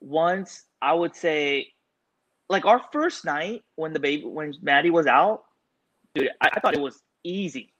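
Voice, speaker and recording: A man's voice: on the high side, lively intonation, measured pace, a bit bright, muffled recording. A man in casual chat who tells stories animatedly and acts out his own past lines in a raised voice. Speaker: new father in a podcast chat.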